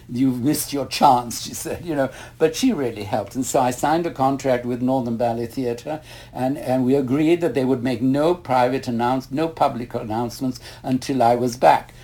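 A man's voice: mid-range voice, normal speed, dark tone. An older man, a retired ballet master, telling a long rambling anecdote in a casual interview, quoting others along the way. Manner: rambling anecdotal, quotes others, many asides.

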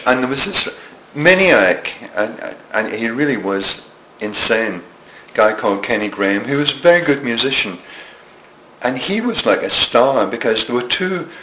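A man's voice: medium pitch, lively intonation, normal speed, bright, forceful tone. Older Scottish man telling rambling stories. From Scotland. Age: 70s. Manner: rambling, self-mocking anecdotes with frequent restarts. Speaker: interviewee. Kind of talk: storytelling interview. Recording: echoey room with faint noise.

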